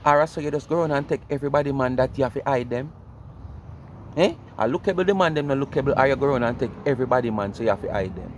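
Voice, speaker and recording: A man's voice: medium pitch, rapid-fire, a little hiss or hum. A Jamaican man explaining his point in casual commentary, lecturing and asking rhetorical questions.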